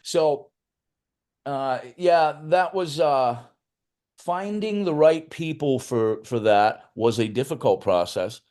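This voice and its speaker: A man's voice: fairly high pitch, animated, slow, a little mellow. A middle-aged man, a film writer-director, telling loose, profane anecdotes in a casual interview, with frequent restarts.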